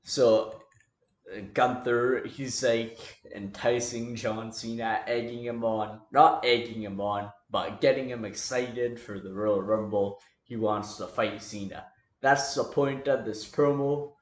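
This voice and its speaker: A man talks through wrestling storylines at an easy, slow pace, rambling casually and leaning on filler words. His voice sits at an ordinary middle pitch. The room around him gives it a noticeable echo. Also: steady tone. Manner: loose, rambling, filler-heavy recap. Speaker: wrestling fantasy booker.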